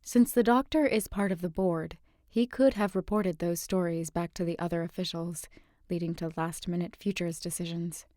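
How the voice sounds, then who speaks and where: Woman, audiobook narrator, low voice, measured first-person reading, dry close recording. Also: fairly even intonation, warm tone, dry recording.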